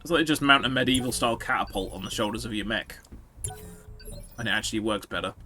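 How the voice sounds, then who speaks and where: A man's voice: on the low side, fast talker, pushed and bright, soft background music. A man giving casual, sarcastic commentary while streaming a video game, swearing and joking with his chat.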